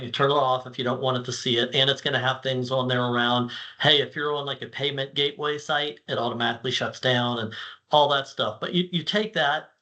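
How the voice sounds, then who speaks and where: A man's voice: mid-range voice, pushed and bright, rough recording. A man hosting a casual panel chat, talking with enthusiasm and acting out lines for an imagined assistant. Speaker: host.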